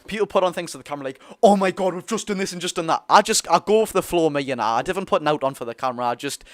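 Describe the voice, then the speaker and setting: A man's voice: on the high side, racing, dry recording, studio quality. A young man with a Geordie accent, chatting casually with viewers during a live football watch-along and reading out their comments. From North East England. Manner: chatty, excitable, reads chat aloud. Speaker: football fan streamer.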